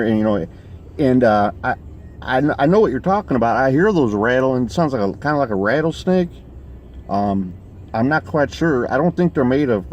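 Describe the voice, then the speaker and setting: A man telling a rambling comic story while driving, full of fillers and restarts, with a deadpan delivery. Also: medium pitch, slight background noise. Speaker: comic character vlogger. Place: in a vehicle, driving.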